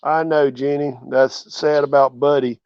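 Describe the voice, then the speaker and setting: A man, relaxed and chatty, hosting a casual livestream from his porch and greeting viewers by name. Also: a little high, unhurried, heavy background noise. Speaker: channel host. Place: outdoors on a porch. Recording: dull, dry lo-fi sound.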